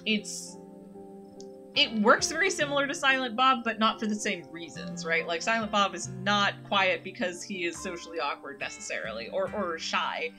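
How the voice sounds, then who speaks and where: A woman's voice: medium pitch, moderate pace, over music. A woman streaming a horror visual novel, chatting and reading the text aloud. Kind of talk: casual game narration.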